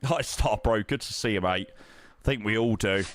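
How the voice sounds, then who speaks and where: A man chatting casually to his live-stream viewers as he plays, thanking supporters and reacting loudly to his own guesses. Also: lowish voice, normal speed, no room sound, soft background music. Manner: excitable, swings between muttering and loud outbursts. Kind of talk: casual live-stream chat while playing.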